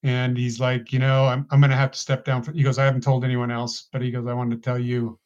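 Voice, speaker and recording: A man sharing a personal testimony as a podcast guest, talking casually and earnestly with halting restarts. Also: mid-range voice, monotone, a little mellow. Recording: dull lo-fi podcast audio.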